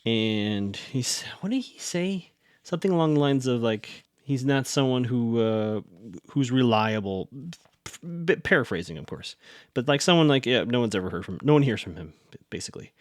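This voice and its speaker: A man hosts a podcast recapping a TV episode, chatty and rambling and often correcting himself. He has a medium-pitched, lively voice at normal speed, and the studio sound is clean with no echo.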